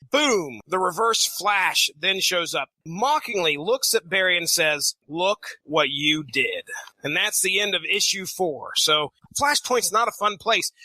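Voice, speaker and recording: A man's voice: high voice, no room sound, low-quality recording. A man co-hosting a podcast, animatedly retelling a comic plot in a casual recap. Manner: animated storyteller, fillers and restarts. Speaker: podcast co-host summarizing a comic.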